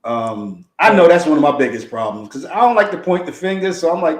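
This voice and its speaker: A man's voice: medium pitch, lively intonation, normal speed. A man in casual conversation, talking reflectively and colloquially about his marriage and how he holds back his feelings. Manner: reflective, colloquial, thinks aloud. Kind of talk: casual chat. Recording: roomy echo.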